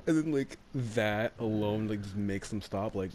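Low-voiced laid-back young man. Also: a little slow, darkish tone, a little hiss or hum. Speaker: friend in voice chat. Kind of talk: casual voice chat while gaming.

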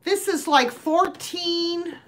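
A woman's voice: extremely high pitch, takes it slowly, a little hiss or hum. A woman hosting a live sale, talking in a chatty, rambling way with lots of fillers. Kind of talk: live-stream sales chat.

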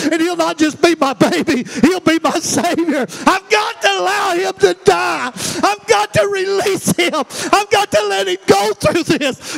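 Preacher guy doing a tired humble old mom, talks rough and plain, real high voice. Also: fairly bright tone, big-room sound, full character voice. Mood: fervent. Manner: plain-spoken confession in rough everyday speech. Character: aging mother, troubled and humble, of Jesus. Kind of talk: sermon role-play.

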